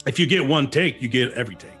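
A man, an actor who is a guest on an interview show, chatting casually and telling animated stories with many restarts. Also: mid-range voice, fast talker, husky, faint music behind.

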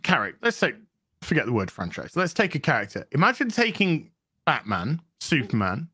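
A woman's voice: very deep voice, big pitch swings, fairly quick, fairly bright tone, breathy edge. A woman co-hosting a casual podcast chat who asks questions and restarts her sentences often.

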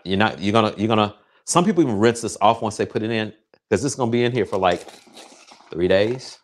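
Low-voiced excitable man cooking live. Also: fast talker. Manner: excitable, crude, jokey, chats directly to viewers. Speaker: home cook hosting a cooking show. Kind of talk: casual cooking livestream talk.

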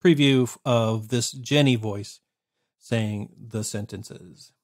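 A man's voice: mid-range voice, slow pace. Man, thirties, casual reviewer, sarcastic, blunt, swears. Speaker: tech reviewer. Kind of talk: casual screen-recorded review.

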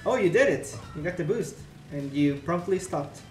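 A man's voice: fairly high pitch, lively intonation, moderate pace. Joking, teasing male stream host, roomy recording with music under. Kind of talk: casual gameplay chat.

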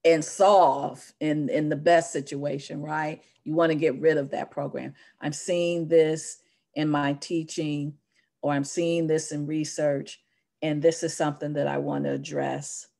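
A woman's voice: low voice, gravelly, darkish tone. A woman presenting in a webinar, explaining an application process thoughtfully and with many fillers.

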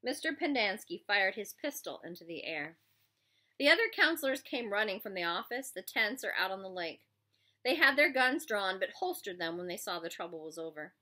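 Woman reading a novel aloud, bright and lively. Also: mid-range voice, moderate pace. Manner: expressive storytelling. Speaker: reader.

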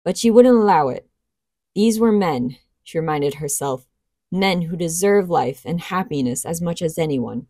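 A woman narrating a novel in a steady, even storybook reading. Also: on the low side, normal speed, no room sound, studio quality. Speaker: audiobook reader.

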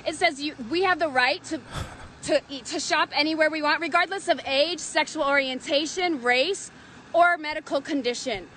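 A woman's voice: sits high, moderate pace, fairly bright tone, slight background noise. A woman in a played clip, indignantly arguing with store staff and threatening to sue.

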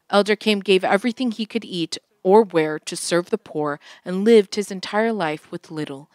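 A woman's voice: medium pitch, no echo, clean studio sound. A woman interpreting a sermon and telling its story in an earnest, heartfelt way.

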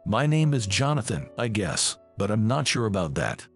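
A man's voice: lowish voice, big pitch swings, normal speed, soft background music. A man voicing a timid, humble old homeless man in a read-aloud story, close to his own reading voice.

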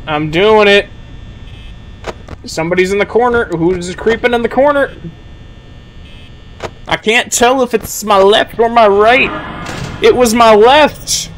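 High-voiced nervous young man streaming. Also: animated, slow, pauses often, soft background music, rough recording. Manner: nervous rambling, swinging to loud yelling. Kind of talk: live gameplay commentary.

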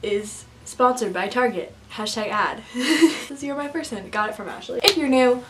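A woman's voice: fairly high pitch, normal speed, over loud music, low-quality recording. A young woman vlogging casually about a book and its film, chatty and giggly with lots of fillers. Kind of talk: casual chat to camera.

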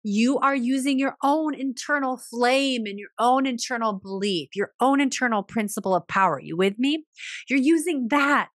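A woman's voice: no echo, studio quality. A woman hosting a motivational business podcast, telling stories animatedly and acting out conversations. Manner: animated storytelling, acts out dialogue with big pitch jumps. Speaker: podcast host.

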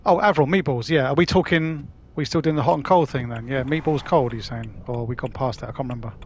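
A Cockney-accented man from London live-streams a game and chats casually with viewers, matey and swearing freely. His medium-pitched voice is a little mellow and quick-paced, with slight background noise.

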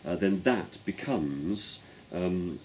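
A man with a low voice talks through musical ideas in a relaxed chat, choosing his words thoughtfully and building each point step by step. He speaks as a folk pipe player with his bandmate. A faint hiss sits under the recording. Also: slow pace. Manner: thoughtful, explanatory, talks in careful steps. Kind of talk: casual conversation about music.

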